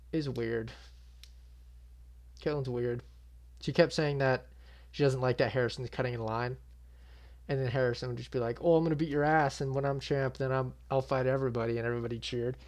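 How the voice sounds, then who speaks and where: A man's voice: mid-range voice, darkish tone. A young man with a mid-range voice talks straight to his audience in a loose, unscripted recap. He is blunt and exasperated, and he swears freely. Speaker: MMA channel host. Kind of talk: casual reaction commentary.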